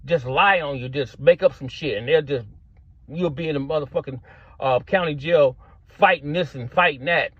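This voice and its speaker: A man's voice: a little high, normal speed, breathy edge, no echo. Middle-aged man, street-slang storytelling. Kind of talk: casual storytelling to camera. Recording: dull lo-fi sound, dry.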